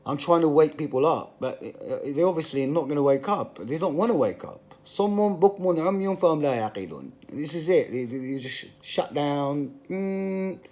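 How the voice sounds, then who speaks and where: A man's voice: a little high, lively intonation, measured pace, hardly any pauses, a little mellow. A man giving an emphatic, passionate monologue, full of repetition and rhetorical questions. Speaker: religious commentator.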